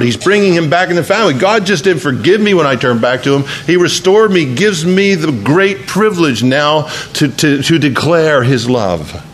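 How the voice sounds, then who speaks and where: A man pastor delivering a sermon to a congregation in church, telling a story and often repeating his words as he preaches. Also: a little high.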